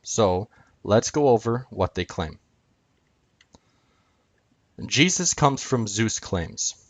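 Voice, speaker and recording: A man explaining Greek spellings over a screen share, halting, with many ums and uhs as he points at letters. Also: lowish voice, animated, no room sound.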